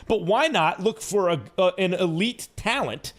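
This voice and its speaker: Animated, argumentative male sports radio host. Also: high voice, normal speed. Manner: animated, argumentative, mocking asides. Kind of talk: sports talk radio debate. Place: radio studio.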